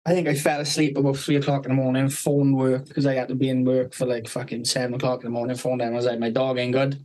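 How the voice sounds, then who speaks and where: A man, hosting a podcast, who tells a rambling, animated story, swearing constantly and laughing partway through. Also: mid-range voice, fast talker, poor audio. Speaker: podcast host. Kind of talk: casual storytelling chat.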